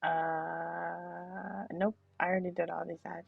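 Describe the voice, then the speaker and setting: A young woman streaming a horror game, reading the text aloud and reacting with laughs, in an animated, husky voice. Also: on the low side, slow pace, narrow, tinny audio.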